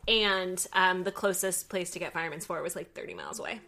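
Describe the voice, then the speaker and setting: Chatty young woman podcast host, bright voice, lots of likes and ums. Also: fairly low pitch, a little fast, creaky, slight background noise. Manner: chatty, rambling with many fillers and restarts. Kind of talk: casual chat.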